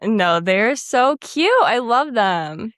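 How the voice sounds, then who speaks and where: A woman's voice: a little high, animated, slow pace, no room sound, clean studio sound. A woman co-hosting a podcast, musing earnestly in casual chat about an anime. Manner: earnest, musing, many likes. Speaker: podcast co-host.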